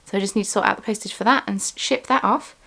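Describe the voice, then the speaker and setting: Speaking fast with vocal fry, a woman who runs a small craft business chats casually for her vlog, rambling and dropping plenty of ums. Her medium-pitched voice sounds pushed and bright.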